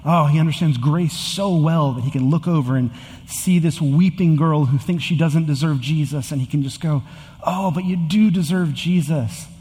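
A man's voice: a little high, moderate pace, a little mellow, long reverb tail. A man in his thirties preaching a sermon as a pastor, earnest and building to emphatic repetition. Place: church sanctuary with long reverb.

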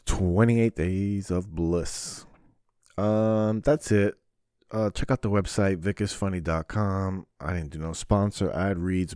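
A man's voice: sits low, fairly even intonation, slow, a little mellow, smooth, dry recording, studio quality. A man hosting his own podcast, talking in a profane, rambling, sarcastic solo monologue. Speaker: podcast host.

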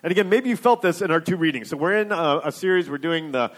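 A man's voice: fairly high pitch, expressive, fast talker. A man preaching a sermon as a pastor, conversational and hesitant, with lots of fillers and frequent "right?" checks.

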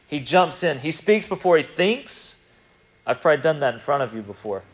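A man preaching a sermon in an animated way, swinging between loud emphasis and quiet, reflective stretches. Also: a little high, normal speed.

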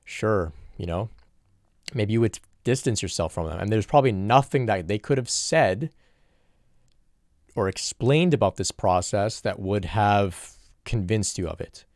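A man's voice: on the low side, animated, measured pace, darkish tone, dry recording, studio quality. A man in an earnest, reflective solo question-and-answer talk, working through spiritual questions from viewers.

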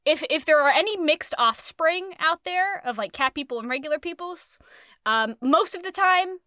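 A woman talks over a book in loose, rambling chat, her voice high and bright. She swears casually and keeps the tone animated. The recording is dry and close. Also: moderate pace, no room sound. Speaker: podcast co-host reviewing a book.

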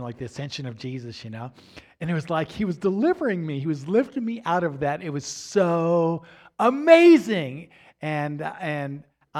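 Guy telling a spiritual story, fairly high voice, goes from hushed to loud, lots of "you know". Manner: animated storytelling, from hushed to near shouting; repeats phrases and says "you know" often. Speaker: Christian teacher.

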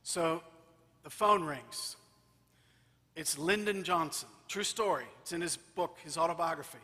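A man's voice: fairly high pitch, a little slow, bright, forceful tone, husky. A man, a priest, preaching a sermon in a church. He is emphatic and repeats phrases for rhythm. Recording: long church reverb.

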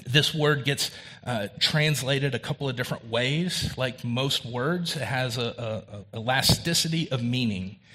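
Preaching in a conversational style, this male pastor gives voice to quoted dialogue and lifts his pitch when stressing a point. His tone is sharp.

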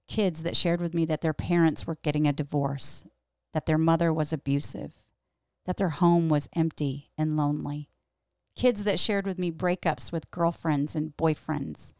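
A middle-aged woman tells a personal story in a reflective, candid tone and leans on emphatic repetition. Her voice sits low and has a gravelly texture. The recording is dry and close. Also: no room sound. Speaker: podcast host and pastor.

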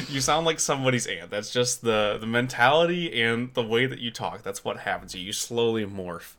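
A man's voice: medium pitch, moderate pace, a bit bright. A man in his thirties hosting a podcast, chatting casually about his kids and joking with his wife. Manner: joking, laughs often. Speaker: podcast host. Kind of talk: casual chat.

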